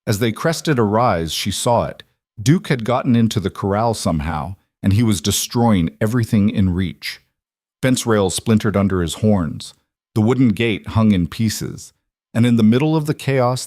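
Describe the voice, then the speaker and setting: Man reading a western story aloud, lowish voice, dramatic but measured, dry close sound. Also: expressive, darkish tone, dry recording. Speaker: narrator. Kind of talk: scripted storybook narration.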